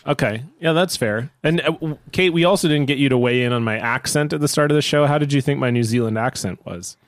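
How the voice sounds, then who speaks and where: A man's voice: mid-range voice, fast talker, no echo. A man co-hosting a podcast in casual chat, joking and teasing his friends. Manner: joking, teasing, talks over others. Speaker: podcast co-host.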